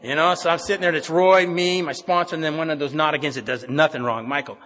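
A man's voice: on the high side, steady tone, fast talker, fairly bright tone. A middle-aged man giving an earnest, rambling personal recovery talk at a meeting, with many restarts. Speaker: AA speaker. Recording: long hall reverb.

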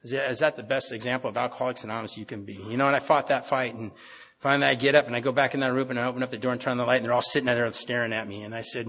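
A man's voice: mid-range voice, steady tone, racing, fairly bright tone. A middle-aged man giving an earnest, rambling personal recovery talk at a meeting, with many restarts. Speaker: AA speaker. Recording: long hall reverb.

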